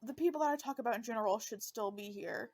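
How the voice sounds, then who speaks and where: Woman, true-crime podcast host, casual delivery on the edge of tears, slightly high voice. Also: fast, a little mellow. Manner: emotional, fighting back tears; conversational with fillers.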